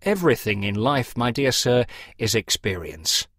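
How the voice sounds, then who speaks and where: A man's voice: medium pitch, big pitch swings, moderate pace, a bit bright, dry recording, clean studio sound. A man voicing a fussy, pompous middle-aged clergyman who lectures in a precise, theatrical way. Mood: lecturing.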